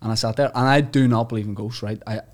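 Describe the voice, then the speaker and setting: A man in his thirties, a guest comedian from Ireland, telling animated anecdotes in a casual podcast chat, swearing freely. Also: mid-range voice, fast talker. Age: 30s. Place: podcast studio.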